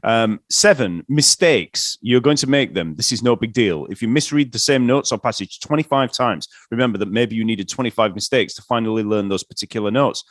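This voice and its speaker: A man's voice: mid-range voice, brisk, few pauses, no room sound. Chill male host, lots of um and uh, mid voice, dry close sound. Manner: laid-back, many fillers, reads tips from a list. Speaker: interview host. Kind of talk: casual interview.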